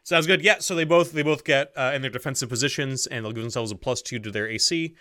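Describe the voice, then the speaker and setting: A man running a tabletop game as game master, relaxed and hesitant, explaining rules and narrating. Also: medium pitch, fast talker, no room sound, clean studio sound. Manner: relaxed, lots of ums and restarts, explains rules.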